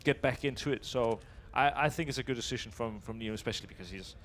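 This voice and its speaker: A man's voice: medium pitch, fast talker, a bit bright. Hesitant male esports analyst. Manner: hesitant, many fillers and restarts. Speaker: esports color commentator.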